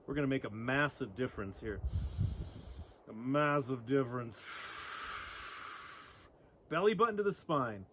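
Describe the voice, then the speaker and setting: A man's voice: medium pitch, noisy background. A man leading an outdoor abs workout, counting reps and cueing breaths with upbeat energy. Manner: upbeat, coaching, cues breathing. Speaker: fitness instructor. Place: outdoors among rocks.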